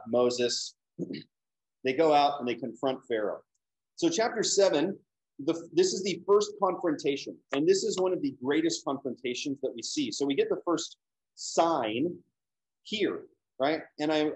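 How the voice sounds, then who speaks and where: A man's voice: a little high, darkish tone, low-quality recording. A man giving a casual lecture on a Bible book, talking conversationally with frequent check-ins to his listeners.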